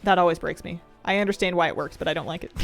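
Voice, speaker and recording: A woman's voice: on the low side, fast, creaky, faint music behind. A woman streaming a game, chatting casually in a rambling, playful way, laughing often and answering chat.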